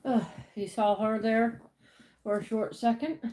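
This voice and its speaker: A woman's voice: on the high side, steady tone, unhurried, mellow, echoey room. A woman hosting a casual livestream from the United States, greeting viewers by name and chatting about her week. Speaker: livestream host. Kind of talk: casual live chat.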